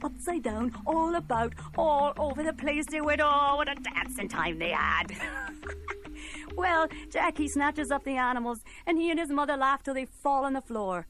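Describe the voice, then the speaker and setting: A woman's voice: sits high, lively intonation, moderate pace, few pauses, a bit bright, soft background music. A woman telling a folk tale in a playful, rhythmic, musical way. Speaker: storyteller.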